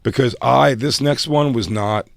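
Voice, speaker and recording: A man in casual podcast chat spins an animated story, slipping into voices for the people in it. His voice sits in a middle pitch and is recorded close and dry, with no room sound. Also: a little slow, vocal fry, dry recording. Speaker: podcast co-host.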